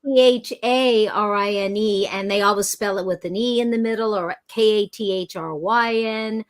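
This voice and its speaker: A middle-aged actress chatting as a guest, telling stories and spelling out names. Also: female voice, medium pitch, normal speed. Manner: chatty, storytelling, spells things out. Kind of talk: casual chat.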